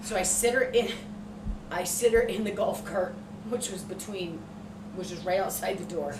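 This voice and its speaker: A middle-aged woman co-hosting a podcast and telling a story in casual chat, expressive and quick to laugh. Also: lowish voice. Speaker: podcast co-host. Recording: echoey room, distant mic, noisy background.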